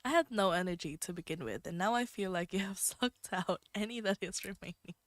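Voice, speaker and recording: A woman voicing an aloof male Grim Reaper in a dating game, reading his lines in a dry, low-key manner. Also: fairly quick, dry recording, natural voice. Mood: weary.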